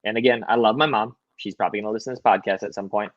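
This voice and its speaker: A young man, a podcast guest, telling a personal story in a lively, swearing way and acting out quotes, in a hotel room. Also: on the low side, racing, no echo, lo-fi sound. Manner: animated, swears, acts out quotes. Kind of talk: casual storytelling.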